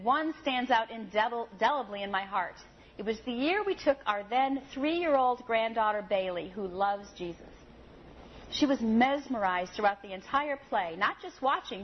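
A woman preaching a sermon and reading a story aloud with expressive, lively storytelling. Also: fairly high pitch, slight background noise. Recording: slightly dull audio with faint ambience.

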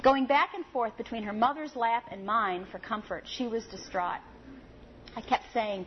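A woman preaching a sermon and reading a story aloud with expressive, lively storytelling. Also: fairly high pitch, moderate pace, slight background noise. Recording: slightly dull audio with faint ambience.

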